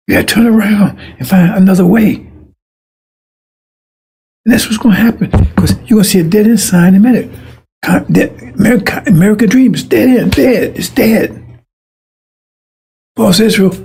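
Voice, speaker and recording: A man's voice: high-pitched, a little mellow, breathy edge. A man giving an informal, rambling sermon, repeating himself and stressing points emphatically, with occasional stumbles. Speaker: preacher.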